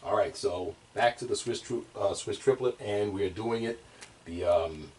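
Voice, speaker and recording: A man teaching bass drum technique in a casual, rambling way, with many fillers and restarts. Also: unhurried, a little mellow, a little hiss or hum. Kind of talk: casual instructional talk. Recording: distant mic, drums playing.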